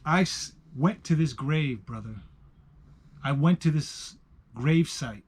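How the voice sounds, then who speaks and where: A man with a New York accent telling stories in casual chat, profane and emphatic, swinging from loud bursts to hushed asides. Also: fairly high pitch, takes it slowly, slightly rough.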